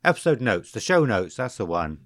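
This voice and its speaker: A man co-hosting a podcast, joking around, stumbling over and correcting his words, reading names in a slow, drawn-out way. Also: fairly low pitch, very animated, fairly bright tone, no echo, clean studio sound. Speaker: podcast co-host. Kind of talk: casual podcast chat.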